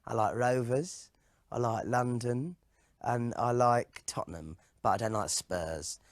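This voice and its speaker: A man's voice: unhurried, dry recording, clean studio sound, close to an everyday voice. An actor playing a dim, boastful male pop singer who puts on a fake cockney manner in a comedy sketch interview. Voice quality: lively, sing-song pitch swings.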